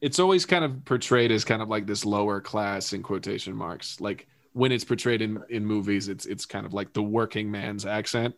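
A man's voice: on the low side, moderate pace, few pauses. A man co-hosting a casual podcast chat, rambling with stumbles and restarts and laughing often. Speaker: podcast co-host.

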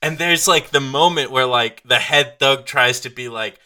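A man co-hosting a casual podcast chat, animated and profane, joking with his friends. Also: medium pitch, moderate pace. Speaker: podcast co-host.

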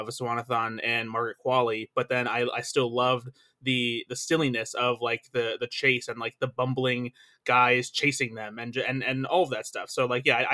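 A man's voice: medium pitch, pushed and bright. A man joining a casual film podcast, repeating words and adding likes as he talks. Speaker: podcast guest, film editor.

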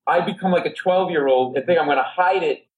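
A middle-aged man from Rhode Island spins a comic anecdote on a talk show. His voice sits a touch high for a man, and he jumps into other people's voices as he tells it. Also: fast talker, low-quality recording. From Rhode Island, USA. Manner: lively anecdote teller who acts out other people's voices. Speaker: comedian guest. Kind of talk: animated storytelling on a talk show.

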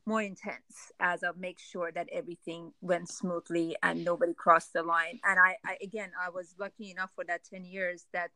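Woman, former spa manager, somewhat low voice, bright edge, casual and halting. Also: no room sound, rough recording. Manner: relaxed, halting, restarts sentences. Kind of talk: casual conversation.

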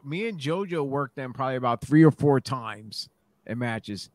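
A man in a casual chat, chiming in with a relaxed wrestling memory. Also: mid-range voice, moderate pace, no echo. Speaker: wrestler guest.

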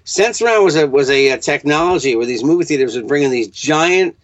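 A man's voice: a little high, expressive, fairly quick, no room sound. A man from Long Island with a New York accent, chatting as a podcast guest in a rambling, restarting way. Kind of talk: casual podcast chat. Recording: dull lo-fi sound.

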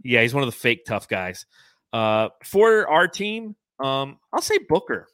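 Guy cohosting a sports pod, laughs a lot, punchy bright tone, dead dry sound. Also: mid-range voice, big pitch swings, no echo. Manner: laughing, joking, quick asides. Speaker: podcast co-host. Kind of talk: casual chat.

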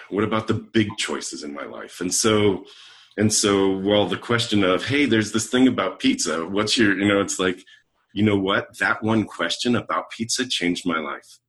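A middle-aged man telling a personal story in conversation, acting out the lines of people in it. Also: on the low side. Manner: animated storyteller who acts out quoted dialogue. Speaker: podcast guest, leadership coach.

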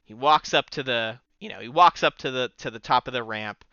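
A man's voice: mid-range voice, fairly quick, pushed and bright, dry recording, lo-fi sound. A man co-hosting a casual podcast, rambling through a story with many fillers. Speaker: podcast co-host.

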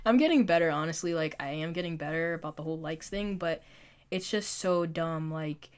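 A woman's voice: low voice, a little fast. A young woman vlogging in a casual, confessional chat, talking loosely, filling with "like" and poking fun at herself. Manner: chatty, fills with "like", self-mocking.

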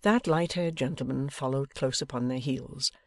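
A man reads a classic novel aloud as an audiobook narrator, keeping his storytelling measured and even. His voice is medium-pitched and creaky, with no room sound.

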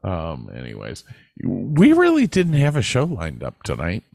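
A man's voice: low-pitched, wildly swooping pitch, a little slow, vocal fry, a little mellow, no echo, studio quality. A man co-hosting a podcast, telling rambling stories in casual chat and swearing freely, with a northern US accent. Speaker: podcast co-host. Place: Texas.

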